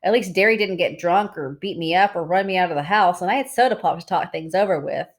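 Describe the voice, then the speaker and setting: A woman with a lowish voice reads a novel aloud, chapter by chapter. Her narration is steady and plain. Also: fast. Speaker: reader.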